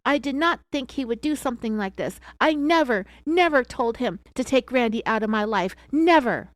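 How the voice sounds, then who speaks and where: An accused wife under questioning, played by the narrator herself screams her denials in a pitched-up, strained voice. She insists over and over. The recording is dry and close. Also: animated, moderate pace, no room sound, natural voice. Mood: defensive, insistent. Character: defensive woman under interrogation, accused wife.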